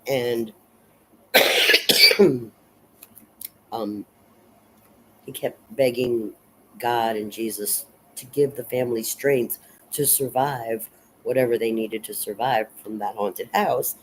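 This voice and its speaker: A woman casually recapping and analyzing a film in a rambling, unhurried way, full of fillers and restarts. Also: very deep voice, steady tone, fairly bright tone, a little hiss or hum, poor audio. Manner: unhurried and reflective. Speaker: film reviewer.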